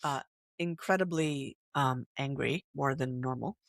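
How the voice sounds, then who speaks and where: A woman's voice: extremely low pitch, measured pace, creaky, dry recording, studio quality. A middle-aged woman co-hosting a podcast, speaking frankly and emphatically in casual chat. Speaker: podcast co-host.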